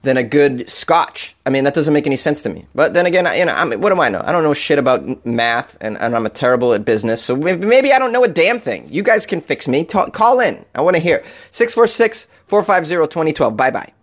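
A man's voice: fairly high pitch, very animated, fast talker, hardly any pauses. A man hosting an odd-news show, reading stories aloud and riffing on them with sarcastic, profane jokes and frequent laughter.

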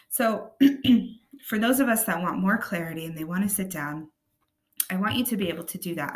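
A woman with a raspy, mid-range voice hosts a podcast in a casual monologue. She speaks earnestly and keeps checking in with her listeners through tag questions like "right?" and "okay?".

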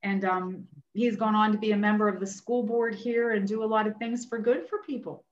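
Woman guest, nurse practitioner, animated storyteller; muffled, roomy recording. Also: medium pitch, a little fast. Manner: animated, acts out what others said. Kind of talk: personal storytelling in an interview. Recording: roomy, dull sound.

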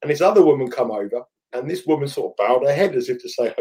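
A man's voice: medium pitch, fast, few pauses, a little mellow. A middle-aged man from England co-hosting a betting podcast, telling long rambling anecdotes with many restarts. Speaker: podcast co-host, betting pundit. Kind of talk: casual storytelling chat.

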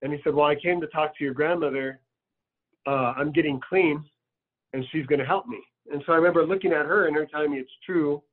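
Man, personal storytelling, slightly high voice, casual filler-heavy delivery, thin phone-like sound. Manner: loose and conversational, many fillers.

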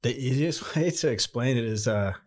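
A man's voice: medium pitch, moderate pace. A young man casually telling a story, acting out the quotes as he goes. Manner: animated anecdotes with acted-out quotes. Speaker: podcast guest, former Marine.

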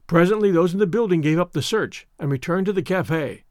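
Guy narrating an old adventure book, steady and expressive, lively highish voice, dry sound. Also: fairly quick, dry recording. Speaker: audiobook narrator. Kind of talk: scripted narration.

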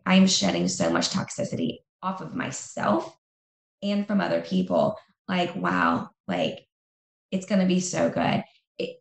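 A woman's voice: fairly low pitch, creaky, darkish tone, echoey room. A woman speaking as an interview guest in a candid conversation, emphatic and repeating phrases for effect.

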